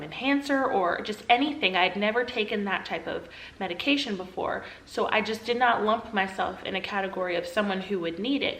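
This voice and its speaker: A young woman vlogger earnestly telling a personal story, confessional, acting out her own past words in a higher, pleading voice. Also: vocal fry, fairly bright tone, reverberant, low-quality recording.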